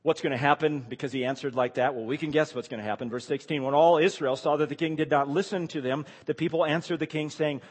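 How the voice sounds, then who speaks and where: Preacher in a big echoing hall. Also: male voice, fairly high pitch, fast, hardly any pauses. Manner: reads verses then asks rhetorical questions, animated. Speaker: pastor. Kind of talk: expository sermon reading scripture. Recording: long reverb of a large hall.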